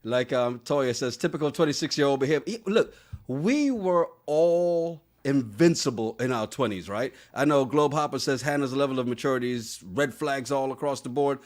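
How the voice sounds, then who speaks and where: A man's voice: medium pitch, moderate pace. A man in his thirties co-hosting a casual podcast chat, teasing his partner and reading out viewer comments. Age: 30s. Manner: teasing, playful questioning. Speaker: podcast co-host.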